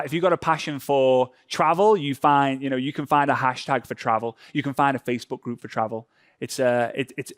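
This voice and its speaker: A man's voice: medium pitch, no room sound, studio quality. A man from Europe co-presenting a live social media workshop, talking loosely with restarts as he demonstrates. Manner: chatty, loose, with many restarts.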